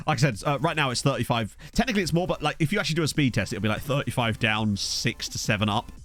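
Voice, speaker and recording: A man's voice: mid-range voice, expressive, fast talker, fairly bright tone, faint music behind. A young man streaming at home, chatting and rambling to his viewers while playing a game. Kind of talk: casual live-stream chat while playing. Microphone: desktop USB mic.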